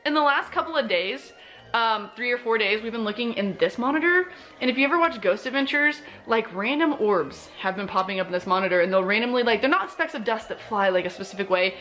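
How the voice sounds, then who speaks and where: A young mom talking to her camera from bed, rambling and casual with plenty of fillers. Her voice is a little on the high side, and faint music sits under it. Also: expressive, fairly quick, fairly bright tone. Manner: chatty, rambling, lots of fillers. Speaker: mom vlogger. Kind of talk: casual vlog chat. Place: bedroom, lying in bed.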